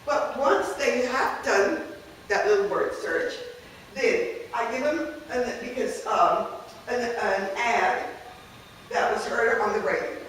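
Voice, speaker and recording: A woman's voice: a little high, slow, a bit bright, a little hiss or hum. Woman lecturing in an echoey room. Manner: explanatory, frequent checking okays, mixes in Spanish phrases. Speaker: university Spanish instructor giving a workshop talk. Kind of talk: workshop presentation. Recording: echoey room, speaker far from mic.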